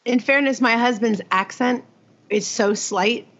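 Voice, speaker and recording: A woman from the eastern United States co-hosting a casual book chat, telling stories with quick, lively asides. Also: on the high side, a crowd in the background. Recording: dull lo-fi podcast audio.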